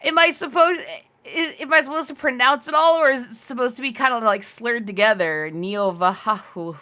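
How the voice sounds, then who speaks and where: A woman's voice: high-pitched, a little fast, sharp tone. A young adult woman live-streaming, chatting casually with her viewers in a giggly, rambling way and answering chat aloud.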